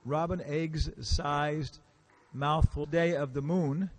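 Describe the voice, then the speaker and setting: A man's voice: a little high, steady tone, takes it slowly. A man giving a casual, storytelling lecture in a temple hall, acting out the characters he quotes and asking the audience questions. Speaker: visiting lecturer.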